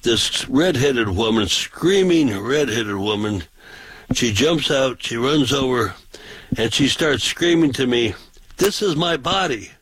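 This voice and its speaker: A man's voice: mid-range voice, lively intonation, slow, a bit bright, slightly rough, no echo, low-quality recording. A man, a pastor, telling folksy, rambling anecdotes in casual talk-show style.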